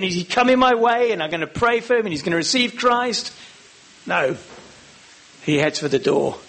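A man preaching a sermon, acting out the lines of the Bible characters with lively emphasis. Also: high-pitched.

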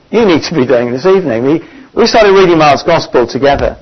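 A man preaching a sermon, earnest and often pausing on "uh" as he gathers his thoughts. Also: a little high, animated, husky. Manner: earnest, pausing with frequent "uh" fillers. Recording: dull lo-fi recording.

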